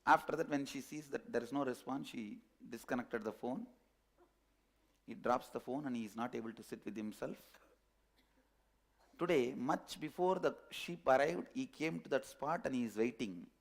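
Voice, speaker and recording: A man telling a parable as a spiritual teacher, animated and repetitive. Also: medium pitch, moderate pace, vocal fry. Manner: animated storytelling, repetitive phrasing. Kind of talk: storytelling sermon.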